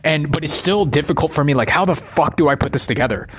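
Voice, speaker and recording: A man's fairly high, fairly bright voice with a breathy edge moves fast through a meandering, foul-mouthed talk about movies. Again and again he closes his thoughts with a questioning "right?".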